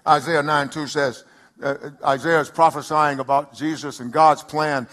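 A middle-aged male pastor preaching a sermon, emphatic and rising loud on key lines. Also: fairly high pitch, steady tone, moderate pace.

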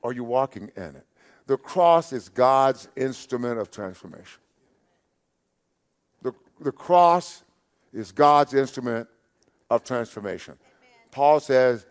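A man's voice: expressive, unhurried. Emphatic preacher man repeating lines. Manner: emphatic, repeats phrases, rises loud on scripture; drops soft and low at phrase ends. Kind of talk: sermon.

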